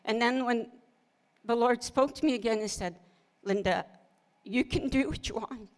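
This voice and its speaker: A woman's voice: a little high, moderate pace. Middle-aged woman, earnest storyteller, laughs often, ministry talk. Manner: earnest storytelling, laughs often, quotes her own prayers. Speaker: pastor's wife, co-host.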